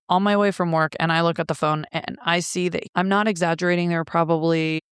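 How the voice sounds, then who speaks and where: A woman recounts a raw personal story in a blunt, profane, emotional way. Her voice comes through smooth and clear. She is recorded close up in a dry, deadened room. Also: low voice, no echo. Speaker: guest.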